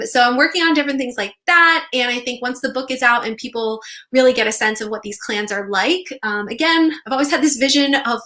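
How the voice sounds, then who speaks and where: A young woman hosting a casual livestream, bubbly and excitable, reading out viewer comments and squealing with delight. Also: on the high side. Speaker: author and livestream host.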